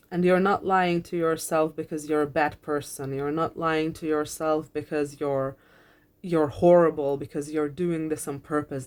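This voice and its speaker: Low-pitched woman reading tarot cards for viewers; earnest and reassuring, repeats lines, swears casually, close to tears. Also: fairly even intonation, normal speed, slight background noise. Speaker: tarot card reader. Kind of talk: pick-a-card reading, spoken to viewers.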